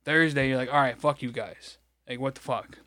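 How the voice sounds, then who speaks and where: A man's voice: mid-range voice, steady tone, normal speed, pushed and bright, no echo. A man from Michigan, co-hosting a podcast, rambling through an exasperated, profane story in casual chat. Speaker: podcast co-host.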